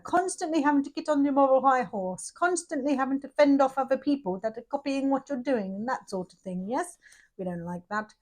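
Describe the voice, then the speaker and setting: Woman, middle-aged, high voice, chatty tarot reader, quick exclamations. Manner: chatty, jokey, frequent exclamations. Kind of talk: casual tarot reading to camera.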